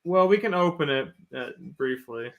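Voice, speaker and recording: Easygoing male co-host, somewhat high voice, casual chat. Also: lively intonation, normal speed, muffled recording. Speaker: podcast co-host.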